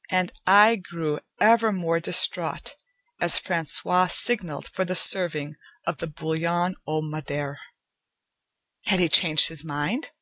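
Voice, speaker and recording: A woman narrating a short story in slow, measured, somber storytelling. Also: fairly low pitch, fairly bright tone, no echo. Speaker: audiobook narrator. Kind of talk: scripted narration.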